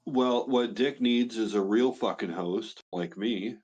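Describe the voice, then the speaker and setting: A man's voice: fairly low pitch, takes it slowly, darkish tone, husky. A young man and father talking casually as a podcast guest, brash and boastful, swearing freely. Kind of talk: casual chat.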